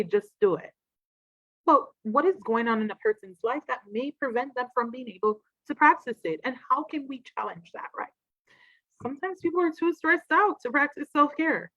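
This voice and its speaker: A woman, a trauma expert, giving an animated, casual talk on a livestream and acting out quoted voices. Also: high-pitched, dry recording, lo-fi sound.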